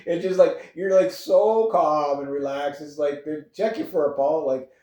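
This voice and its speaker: A man's voice: on the high side, moderate pace, mellow. A Canadian man in his fifties with a laid-back, rambling way of talking, chuckling often as he chats casually to camera. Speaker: vlogger. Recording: echoey room, far from the mic.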